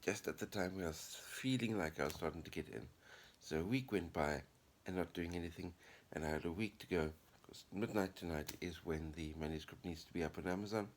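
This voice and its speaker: A man's voice: low voice, brisk, hardly any pauses, a little hiss or hum. A middle-aged man vlogging casually to camera, chatty and upbeat with a rambling way of talking. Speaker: vlogger and writer. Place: apartment living room.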